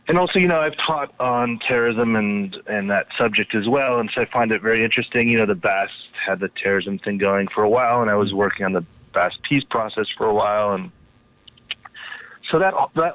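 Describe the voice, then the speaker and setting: A man's voice: on the low side, no room sound. Man rambling over a tinny phone line. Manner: rambling, with many fillers and restarts. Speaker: guest, anthropologist and poet.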